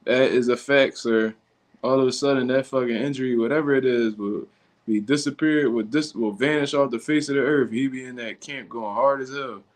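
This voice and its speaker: A man's voice: mid-range voice, steady tone, normal speed. A man hosting a casual livestream who reacts to viewer comments in blunt, slangy, profane talk. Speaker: livestream host.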